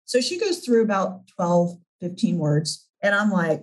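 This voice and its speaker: A woman in her thirties, a guest on an interview show, telling a personal story with animated acted-out dialogue and frequent laughter. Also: mid-range voice, unhurried, few pauses, low-quality recording. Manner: animated storyteller who acts out remembered dialogue, laughs often.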